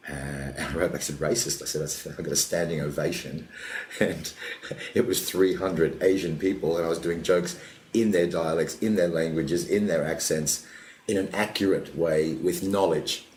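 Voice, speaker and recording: A man's voice: a bass voice, steady tone, moderate pace, a little mellow, a little hiss or hum. A man, a comedian, telling rambling anecdotes in a casual chat and slipping into quoted voices. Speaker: comedian guest. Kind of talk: casual podcast chat, storytelling. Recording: roomy echo, faint background ambience.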